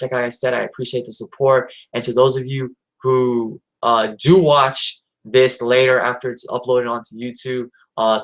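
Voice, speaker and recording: A man's voice: medium pitch, fairly bright tone, poor audio. A man hosting a live stream in a casual, rambling way, with lots of fillers and restarts.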